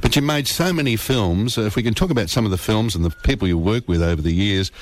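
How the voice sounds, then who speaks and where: Brief: male radio host, fairly low voice, eager interviewer. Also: quick pace. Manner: enthusiastic, with fillers and restarts.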